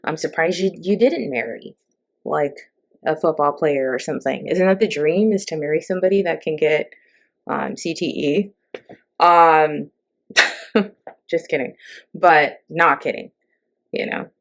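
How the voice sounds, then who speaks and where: A woman's voice: low-pitched, a little slow, vocal fry, long pauses, fairly bright tone. A middle-aged woman hosting a casual, sarcastic ranting monologue, chatty and full of fillers and asides. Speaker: host.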